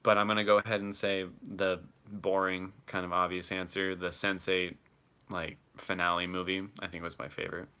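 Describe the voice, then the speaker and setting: A man's voice: low voice, flat delivery, moderate pace, bright, forceful tone, clean tone. A man chatting casually on a live stream and answering his chat, laughing often and swearing freely.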